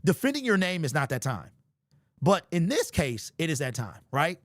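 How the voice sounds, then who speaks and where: High, lively man hosting sports talk. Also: moderate pace, no echo, studio quality. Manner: animated, joking and hyperbolic, slangy. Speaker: sports show host. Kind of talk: casual sports commentary.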